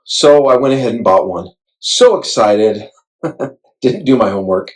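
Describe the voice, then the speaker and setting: A middle-aged man casually vlogging about camera gear, chatty and self-deprecating, retelling his excitement, on a clip-on mic. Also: medium pitch, moderate pace, low-quality recording. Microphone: wireless clip-on mic.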